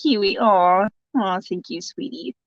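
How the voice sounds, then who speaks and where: A woman's voice: mid-range voice, measured pace, no room sound, dull audio. A woman hosting a casual live stream, reading out viewer comments, joking and laughing often and turning sympathetic when someone shares bad news. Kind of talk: casual chat.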